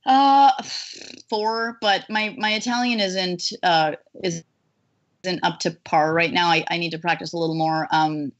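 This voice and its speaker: A woman voice actress chatting as an interview guest, animated, with lots of fillers and restarts. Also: on the low side, a little slow, highs cut off. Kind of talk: casual interview chat.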